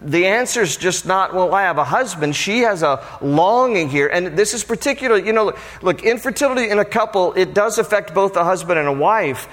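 A man preaches to his congregation with animated energy, breaking into playful asides. His voice sits a little high, and it carries through the long reverb of a church hall. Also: fairly quick, few pauses. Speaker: pastor. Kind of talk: sermon.

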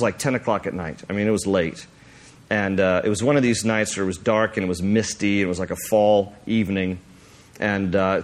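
A male pastor tells a story during a sermon, animatedly acting out the scene. He rambles with fillers and restarts, and his pitch leaps upward when he gets excited.

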